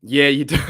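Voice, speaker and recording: A man's voice: a little high, fairly bright tone, husky. A man hosting a casual live-streamed fan podcast, rambling and reacting to chat comments. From Australia.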